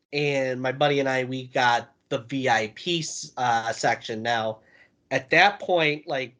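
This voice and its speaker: A man's voice: mid-range voice, a bit bright. Man telling a casual, profane story. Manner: profane, laid-back anecdote telling.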